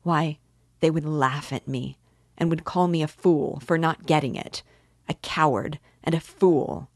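A woman's voice: low-pitched, steady tone, unhurried, a little mellow, no echo, studio quality. A woman reading a brooding, defiant young man. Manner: gloomy, bitter, defiant.

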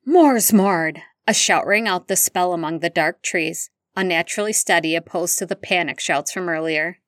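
A woman reading fan fiction aloud in steady, even narration. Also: fairly low pitch, normal speed, no room sound, clean studio sound. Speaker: audiobook reader.

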